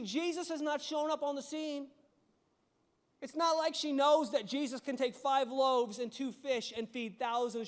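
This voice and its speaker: A man preaching a sermon as pastor, animated and acting out quoted voices. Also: extremely high pitch, big-room sound.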